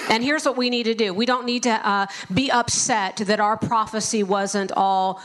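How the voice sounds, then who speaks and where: A woman's voice: on the high side, steady tone, moderate pace, few pauses. A woman speaking in a sermon as a church leader, giving firm, emphatic instructions.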